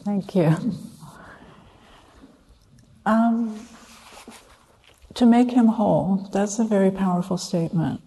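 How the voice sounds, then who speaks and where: A woman interviewing an author, calm and inviting. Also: mid-range voice, unhurried. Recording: reverberant hall with faint noise.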